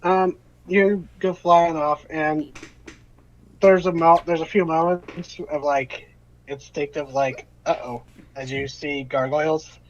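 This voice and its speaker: A man's voice: fairly high pitch, fairly even intonation, slow, muffled recording. A man narrating a tabletop game as game master, rambling and hesitant, with many fillers.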